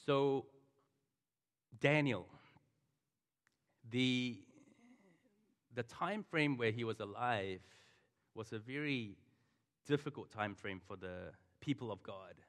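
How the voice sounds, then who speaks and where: Slow and full of long pauses, a middle-aged pastor preaches at medium pitch with a fairly bright tone. He tells a personal story conversationally and addresses the congregation in asides, recorded in a church hall with long reverb.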